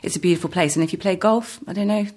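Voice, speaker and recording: A woman's voice: on the low side, rapid-fire, darkish tone. A woman, an actor chatting as a guest in an interview, laughing often and restarting her sentences. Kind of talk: casual interview chat.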